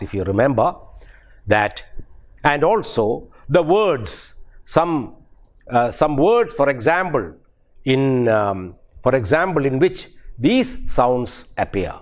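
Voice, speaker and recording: A middle-aged man with an Indian English accent, giving a recorded university lecture on English pronunciation and repeating key definitions slowly and deliberately. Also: mid-range voice.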